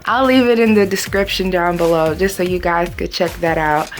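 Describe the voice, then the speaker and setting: A woman's voice: on the low side, steady tone, normal speed. A woman hosting a baking tutorial, chatty and bubbly, talking straight to her viewers. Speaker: baker and cake channel host.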